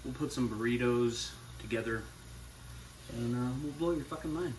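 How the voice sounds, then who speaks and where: A man's voice: mid-range voice, normal speed, noisy background. A man hosting a casual home cooking demonstration, talking loosely and cursing as he hypes up the food in his kitchen. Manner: loose, swearing, hyped-up kitchen banter. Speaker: cooking show host. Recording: roomy sound, mic at a distance.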